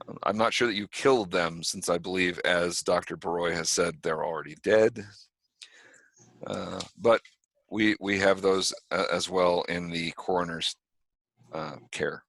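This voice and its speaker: A man narrating as game master of a tabletop game over a video call, pausing with frequent fillers. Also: low voice, steady tone, vocal fry, a bit bright, no echo. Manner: hesitant, filler-heavy.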